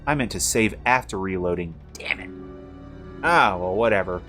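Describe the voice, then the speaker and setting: A man's voice: low-pitched, animated, normal speed, pushed and bright, soft background music. A man streaming a video game, chatting casually with rambling, jokey asides as he plays. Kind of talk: casual live-stream commentary.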